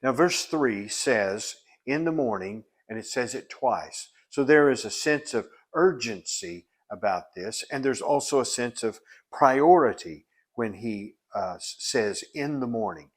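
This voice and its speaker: A man's voice: mid-range voice, animated, unhurried. A man teaching a Bible lesson in an earnest, explanatory way. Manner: earnest and explanatory, with frequent restarts and fillers.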